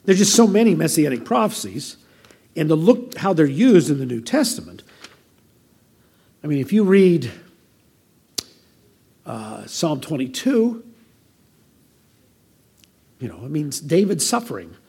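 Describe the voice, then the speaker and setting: An older American man delivering a sermon as pastor, conversational and anecdotal, with a gravelly voice. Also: on the high side, big pitch swings, measured pace, pauses often, mellow. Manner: conversational preaching with personal anecdotes.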